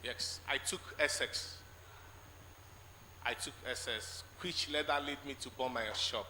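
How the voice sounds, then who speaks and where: A man with a Nigerian English accent tells his testimony in a large church, his bright, fairly high voice ringing with long hall reverb. He tells it haltingly, stopping to act out what each person said. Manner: halting storytelling, acting out quoted exchanges. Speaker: church member giving a testimony. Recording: echoey church hall with faint noise.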